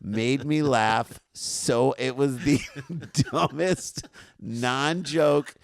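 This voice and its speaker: A man's voice: medium pitch, drawn-out words, vocal fry. A man in his forties, a comedian guest, telling stories and laughing through casual podcast chat.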